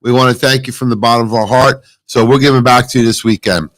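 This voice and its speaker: A man co-hosts a live promotional show from a wellness store event. He pitches products in an upbeat, salesy way. His voice sits at an ordinary pitch, and the sound is dry and close. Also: fairly even intonation, fast, a bit bright, no room sound, rough recording. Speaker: co-host.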